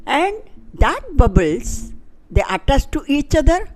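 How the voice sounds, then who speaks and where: A woman's voice: sits high, big pitch swings, takes it slowly, darkish tone. A woman retelling a story in a loose, unscripted way with fillers and restarts. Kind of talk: storytelling narration.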